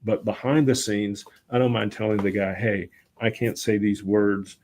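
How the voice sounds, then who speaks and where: Lowish-voiced middle-aged man telling stories. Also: moderate pace, slight background noise. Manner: animated anecdotes, often quoting himself. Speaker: guest, voice-over and public speaking teacher. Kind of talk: casual conversational storytelling.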